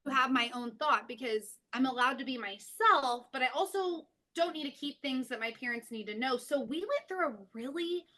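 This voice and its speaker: Bright high-voiced woman telling stories. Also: moderate pace, few pauses. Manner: animated storyteller, chuckles mid-sentence. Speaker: podcast guest, mother. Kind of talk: casual podcast chat.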